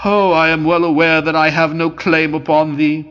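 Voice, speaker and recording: A man's voice: a little high, little pitch movement, moderate pace, fairly bright tone, smooth, dull audio, lightly acted. A man reading aloud voices a young marquis in debt from gambling, brooding and impatient. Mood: despairing.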